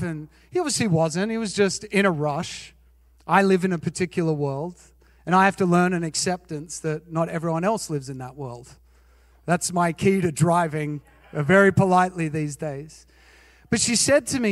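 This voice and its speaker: A man's voice: high-pitched, normal speed, no echo, big-room sound. A male pastor preaching a sermon, telling self-mocking personal stories and asking his listeners questions. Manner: animated, self-mocking, asks the audience questions.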